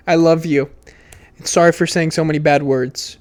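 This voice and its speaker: A young man hosting his own podcast, talking loudly and emotionally in a rambling way, with fillers and swearing. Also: on the high side, steady tone, normal speed, clean tone. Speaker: podcast host. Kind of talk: casual solo podcast monologue.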